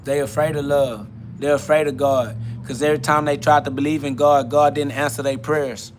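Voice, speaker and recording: A man's voice: a little high, little pitch movement, normal speed, faint music behind. A man hosting a spiritual self-talk podcast, ranting in a preachy, streetwise way with lots of repetition. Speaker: podcast host.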